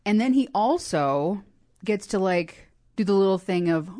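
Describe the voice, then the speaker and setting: A woman co-hosting a casual chat about a cartoon episode, sarcastic and quick to laugh. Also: lowish voice, animated, a little mellow, no echo, studio quality. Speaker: podcast co-host.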